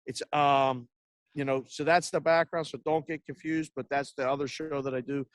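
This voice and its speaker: A man's voice: a little high, fairly even intonation, normal speed, no room sound. A man hosting a sports betting podcast, talking in a rambling, brash, casual way and swearing freely. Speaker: podcast host.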